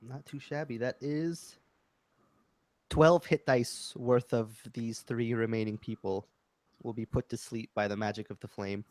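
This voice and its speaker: A man's voice: medium pitch, fairly even intonation, measured pace, darkish tone, dry recording. A man playing a tabletop game, describing his character's spell and actions in a meandering way with filler words. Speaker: player.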